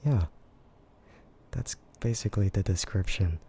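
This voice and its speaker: An American man chatting in a soft, gentle ASMR voice, relaxed and hesitant with frequent giggles. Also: low voice, a little slow, creaky, a little hiss or hum. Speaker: VTuber streamer. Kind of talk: soft-spoken ASMR chat.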